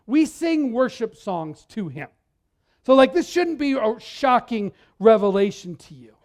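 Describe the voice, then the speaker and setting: This man preaches to his church congregation with a lively, chatty delivery, often circling back to repeat words. His voice sits high.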